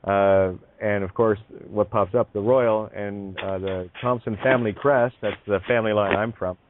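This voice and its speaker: A man's voice: on the low side, fairly even intonation, normal speed, a little hiss or hum. A man hosting a casual radio chat, rambling and musing, often dropping into mock accents. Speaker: host. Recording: dry tinny phone-like line.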